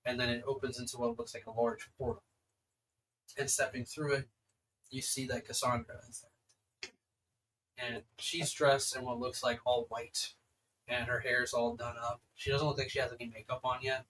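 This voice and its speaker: A man's voice: medium pitch, normal speed, long pauses, fairly bright tone, distant mic, a little hiss or hum, rough recording. A man running a tabletop game as game master, describing scenes in a casual, rambling way.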